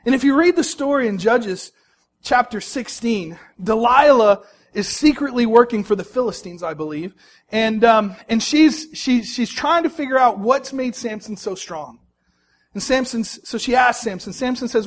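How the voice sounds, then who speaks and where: A male preacher with a notably high voice delivers a sermon. He tells a scripture story with animated, rising emphasis and then drops into hushed, low asides. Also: moderate pace. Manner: storytelling, lively swings between loud emphasis and soft, low asides.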